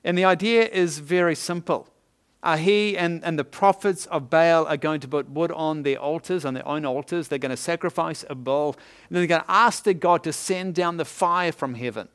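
A pastor delivers a sermon in a storyteller's manner. His voice sits a bit high for a man, and he breaks into chuckles and asides to the congregation as he goes. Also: moderate pace, a bit bright, clear, resonant tone.

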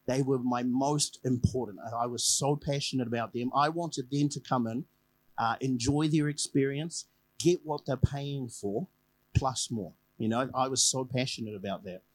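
A man's voice: medium pitch, normal speed, poor audio. A man preaching a conversational evening sermon, telling a personal story and repeating key phrases for emphasis.

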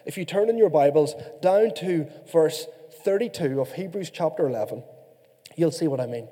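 Irish preacher in an echoing church. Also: male voice, on the high side, lively intonation, dark tone. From Ireland. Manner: reads scripture slowly, then jokes and rallies the congregation. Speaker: pastor. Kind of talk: sermon. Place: church sanctuary. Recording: long hall reverb.

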